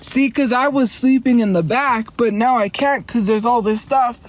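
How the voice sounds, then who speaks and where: With a fairly high voice, a woman livestreaming from inside a car chats rambly and defensively, replying to her viewers with quick laughs.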